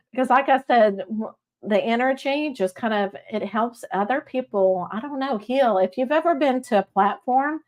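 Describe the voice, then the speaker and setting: A chatty middle-aged woman with a Texas drawl gives psychic readings on a live stream. Her pitch sits at an ordinary middle height for a woman. She keeps checking in with her listeners as she talks. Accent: Texan. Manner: chatty, warm-hearted, frequent "okay?" check-ins. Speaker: psychic medium host.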